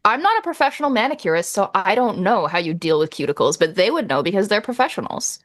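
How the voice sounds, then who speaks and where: A woman's voice: mid-range voice, sing-song, fast talker, a bit bright, no room sound, clean studio sound. A woman co-hosting a livestream in casual chat, matter-of-fact and wry. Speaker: livestream co-host.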